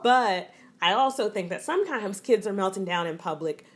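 A woman's voice: medium pitch, animated, normal speed. A woman from the American South, an older mother of a toddler, co-hosting a podcast in a reflective, rambling way with restarts. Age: older mom of a toddler. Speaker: podcast co-host. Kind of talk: casual podcast chat.

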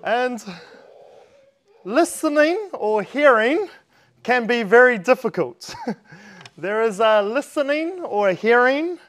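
A man with a New Zealand accent preaching a sermon in a church, in a relaxed, chatty and self-deprecating way. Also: sits high, clear, resonant tone.

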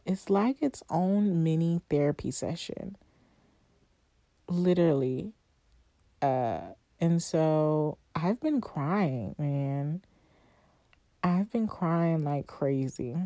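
Woman talking slow and heartfelt on her podcast, lots of pauses, dry close mic. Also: low voice, dark tone, no echo. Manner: heartfelt, conversational, with long pauses and rhetorical questions. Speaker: podcast host. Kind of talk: reflective solo podcast monologue.

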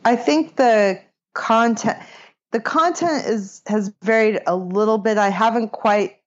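A woman's voice: a little high, a little slow, lo-fi sound. A woman from California, an author and grammar teacher, chatting as a podcast guest in a meandering way, with many restarts and light laughs. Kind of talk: casual interview chat.

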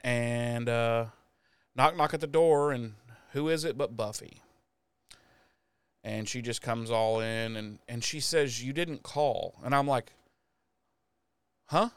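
A man's voice: mid-range voice, takes it slowly, smooth, no echo. A man co-hosting a casual episode recap podcast, speaking loosely and profanely, laughing often and acting out characters' lines. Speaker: podcast co-host.

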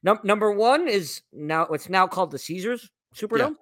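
A man co-hosting a casual sports talk show, excitable and animated, often repeating words as he goes. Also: sits high, normal speed, dry recording, clean studio sound. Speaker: podcast co-host.

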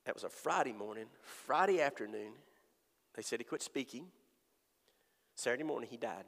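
Male preacher, gravelly voice, lively storytelling testimony, long hall reverb. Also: medium pitch, moderate pace. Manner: animated storytelling with voiced quotes. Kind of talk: sermon testimony.

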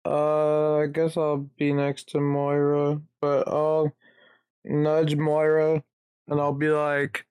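A man playing a tabletop game, talking casually and hesitantly with many pauses. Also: a little high, completely flat delivery, a little mellow, smooth, dry recording. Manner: hesitant, lots of uh. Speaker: player.

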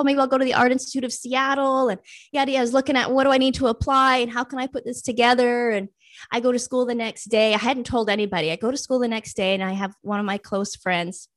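A woman's voice: a little high, a bit bright, dry recording, studio quality. A young adult woman, a guest in a casual interview, telling her own story and acting out past thoughts and friends' lines.

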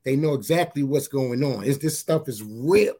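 A man sharing a personal testimony in a casual interview, halting and repeating his words as he tells it. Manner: halting, repeats words, often says "you know what I'm saying"; grows animated at high points.

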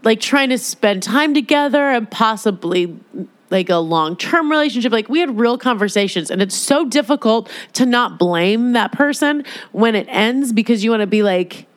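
A woman's voice: on the high side, animated, normal speed. A woman in a casual monologue, candid, joking and profane, who slips into mocking voices.

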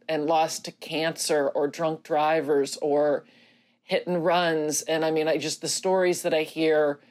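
Low-voiced, halting grieving mother. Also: a little mellow. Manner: earnest, halting, with many pauses and fillers. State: emotional, near tears. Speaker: bereaved mother addressing grieving parents. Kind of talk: personal video message.

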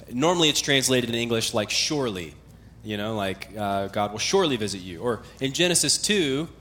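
A man's voice: medium pitch, fairly bright tone. A man preaching a sermon as pastor, in a conversational, explanatory manner with emphatic repetition, often letting his voice fall away at the ends of phrases.

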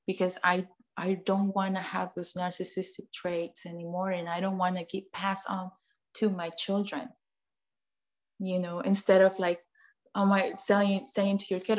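A woman's voice: lowish voice, level tone, measured pace. A woman guest in a casual podcast conversation, talking earnestly, often repeating phrases and acting out what parents say to kids.

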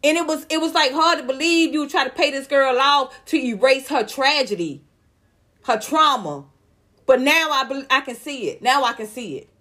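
A woman's voice: high-pitched, expressive, normal speed, sharp tone. A woman vlogger giving heated, outspoken celebrity gossip commentary, talking straight to her viewers in casual slang.

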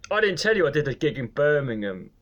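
A man's voice: fairly high pitch, big pitch swings, fast talker, fairly bright tone, dull audio. A man, a comedian, grumbling and telling anecdotes in casual podcast chat, swearing freely.

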